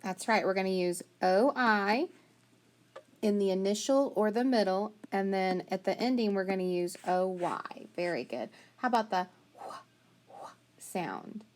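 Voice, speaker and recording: A woman teaching a phonics lesson, slowly sounding out letters and praising the students often. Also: medium pitch, darkish tone.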